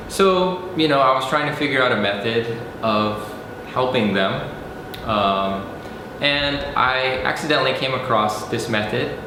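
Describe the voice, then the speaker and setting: Male teacher, deliberate and clear, mid-range voice, faint background noise. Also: medium pitch, heavy reverb. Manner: clear, deliberate, over-articulates example words. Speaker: English pronunciation teacher. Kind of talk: scripted lesson.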